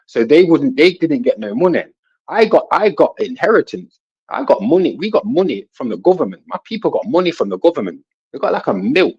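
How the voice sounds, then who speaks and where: A man's voice: medium pitch, slightly rough. Rambling man. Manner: animated, rambling storytelling with frequent "you know what I'm saying". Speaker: guest. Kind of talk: casual panel talk. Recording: dull lo-fi sound.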